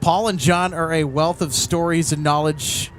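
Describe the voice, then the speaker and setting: A man with a slightly high voice hosts a casual live stream and reads viewer comments aloud in an easy, chatty way. Loud outdoor traffic noise runs underneath him. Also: steady tone, normal speed. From Minnesota. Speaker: livestream host.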